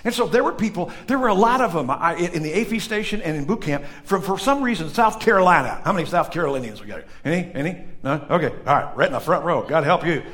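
Joking Midwestern preacher. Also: male voice, on the high side, expressive, fast, few pauses, a bit bright. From northern Illinois farm country. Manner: conversational, joking with the congregation. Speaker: pastor. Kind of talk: sermon. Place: church.

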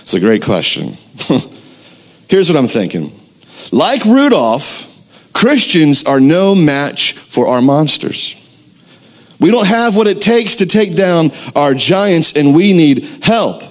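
Animated pastor telling a story. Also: male voice, fairly high pitch, slow pace. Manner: animated storytelling, acts out quotes. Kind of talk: sermon.

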